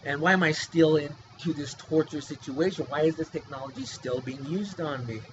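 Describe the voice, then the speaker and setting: Man, vlog monologue, rambling, agitated, pleading, slightly high voice, dull recording, steady background hiss. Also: normal speed. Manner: rambling, agitated, pleading with many restarts and fillers. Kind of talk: emotional personal monologue.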